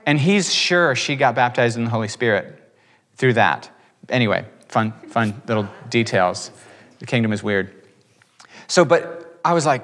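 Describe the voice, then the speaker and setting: A man who preaches, telling a lively testimony in conversation and acting out the quotes. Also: mid-range voice. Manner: animated, acts out quotes, quick bursts. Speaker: preacher and guest. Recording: reverberant room.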